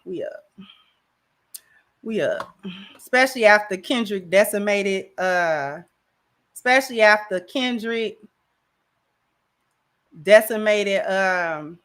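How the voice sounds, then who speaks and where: A woman's voice: mid-range voice, expressive, takes it slowly, pauses often, a bit bright. A woman hosting a livestream, talking casually in a slangy, rambling way on a camera mic. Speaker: livestream host.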